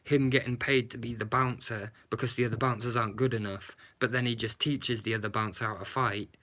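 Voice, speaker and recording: A man's voice: medium pitch, fairly even intonation, a little fast, pushed and bright. A man doing a live-streamed movie review from his phone, ranting with lots of swearing and rhetorical questions. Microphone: handheld phone camera, shaken while talking.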